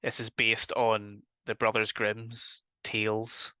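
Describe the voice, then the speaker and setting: Bright, dry-sounding Northern Irish man. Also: fairly low pitch, slow, clean tone, no room sound. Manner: relaxed plot recap, swears casually. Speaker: podcast co-host. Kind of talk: casual chat.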